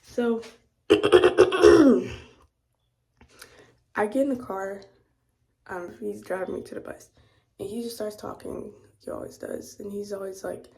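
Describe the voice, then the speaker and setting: A young woman telling a rambling personal story in a casual rant, full of "like" and "you know", often dropping to a hushed half-whisper. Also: medium pitch, slow, vocal fry, long pauses. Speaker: vlogger.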